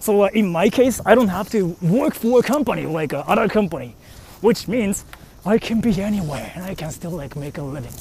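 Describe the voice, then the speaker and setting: On his walk to a station, a young freelance translator and voice actor rambles through casual vlog talk on a handheld phone, full of fillers and self-questioning. His high-pitched voice is animated, fairly quick, and a little mellow, with slight background noise around him.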